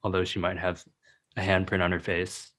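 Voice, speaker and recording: A man's voice: deep voice, completely flat delivery, moderate pace, a bit bright. A man in his twenties hosting a podcast interview, asking friendly, easygoing questions. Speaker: podcast host.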